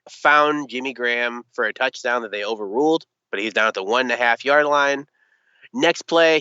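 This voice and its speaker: A young man telling a sports story in casual chat, animated, exasperated and comic. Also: mid-range voice, smooth, no echo, dull audio. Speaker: podcast guest, sports commentator.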